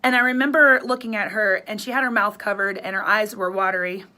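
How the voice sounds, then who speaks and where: A woman's voice: medium pitch, steady tone, a little fast, bright, forceful tone. A woman in her thirties, a radio host, telling a personal story in an earnest, emotional way.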